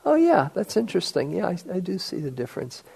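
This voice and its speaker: A man's voice: sits high, huge pitch swings, fast talker, gravelly, darkish tone, breathy edge, pitched above the performer's own voice, exaggerated voice. A man voicing his older mother, a wry, complaining woman with a teasing manner.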